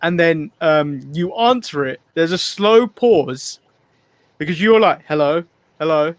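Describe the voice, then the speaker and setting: Male co-host, high-pitched and giggly, long run-on recaps, dry recording. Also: lively intonation, takes it slowly, dry recording. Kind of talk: casual podcast recap.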